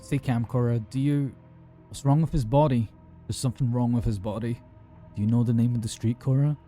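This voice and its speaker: A calm emergency operator, voiced by a male narrator, gives steady, patient instructions over the line. The voice is dark and mellow at a middling pitch, with faint music under this horror storybook reading. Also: brisk, natural voice.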